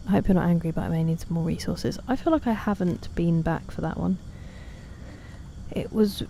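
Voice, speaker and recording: Chatty woman streamer, mellow. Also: lowish voice, moderate pace, gravelly, a little hiss or hum. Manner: chatty, reads chat aloud, self-deprecating. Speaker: game streamer. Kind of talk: casual chat while playing.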